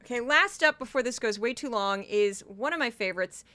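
A woman hosting her own podcast, chatting loudly and fast, and she calls herself loud and talkative. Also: fairly high pitch, lively intonation, no room sound. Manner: loud, fast, chatty, self-described obnoxious. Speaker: podcast host. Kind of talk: solo commentary podcast.

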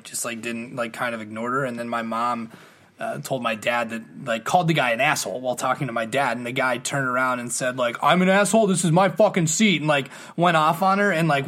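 A man's voice: medium pitch, a bit bright. A man co-hosting a casual podcast. He tells stories in a profane, heated way. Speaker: podcast co-host.

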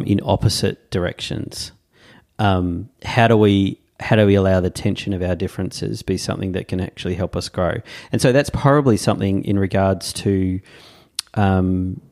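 Deep-voiced reflective man. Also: a little mellow. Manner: reflective, many "um" pauses. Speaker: podcast guest, father. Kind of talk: casual podcast conversation.

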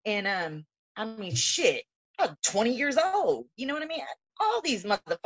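Animated, husky woman laughing loud. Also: a little high, moderate pace. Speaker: podcast host. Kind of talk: casual chat. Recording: dull lo-fi audio.

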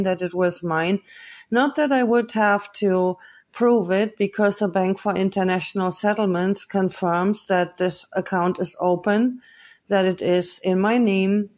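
A podcast host delivering a solo monologue in an earnest, accusing tone, often pausing on hesitant fillers. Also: medium pitch.

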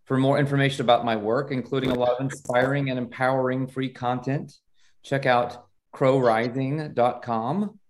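Man, podcast host, mid-pitched voice, emphatic delivery. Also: fairly even intonation, moderate pace, a little hiss or hum. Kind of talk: scripted intro then casual interview.

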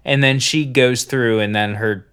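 A man in casual chat, telling an animated story and laughing often. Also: mid-range voice, measured pace, smooth.

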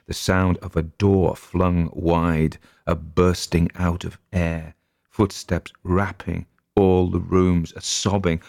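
Deep, gravelly man narrating an audiobook, measured and atmospheric, dry close mic. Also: a little mellow, no room sound. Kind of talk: audiobook reading.

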